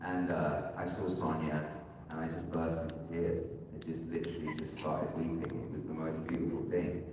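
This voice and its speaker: A man's voice: rumbling low, level tone, normal speed, noisy background. A man talking candidly as a guest on a convention panel, rambling and laughing often. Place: large convention hall. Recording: echoey hall recorded from far off.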